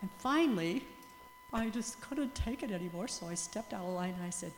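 A woman's voice: mid-range voice, a little fast. Older woman in an echoey hall. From USA or Canada. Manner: animated, laughing storyteller, praising God often. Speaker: missionary speaker. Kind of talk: testimony talk to a church group. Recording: echoey hall with faint hum.

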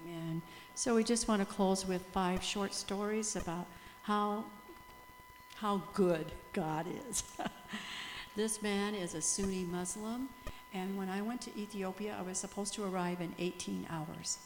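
A woman's voice: medium pitch, measured pace. An older woman speaking as a missionary to a church gathering, telling stories with laughter and frequent praise. Her voice carries through a roomy hall with a long reverb. A faint hum sits underneath. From USA or Canada. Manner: animated, laughing storyteller, praising God often. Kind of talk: testimony talk to a church group.

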